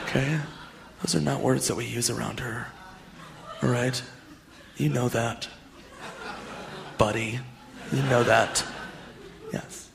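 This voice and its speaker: A man's voice: medium pitch, fairly even intonation, takes it slowly, gravelly, pauses often. A young man doing a stand-up comedy set, rambling, swearing and laughing at his own jokes, recorded live in a comedy club. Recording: live club with audience noise.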